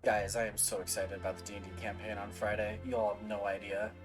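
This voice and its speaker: A man's voice: lowish voice, little pitch movement, brisk, music in the background. A man streaming a game, chatting casually and correcting himself as he goes. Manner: casual, rambling and self-correcting. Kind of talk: casual gaming commentary.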